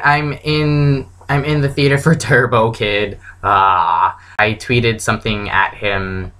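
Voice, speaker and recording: Young woman vlogger, casual excitable storytelling, gushing fan energy. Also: extremely low pitch, rough recording. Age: young adult.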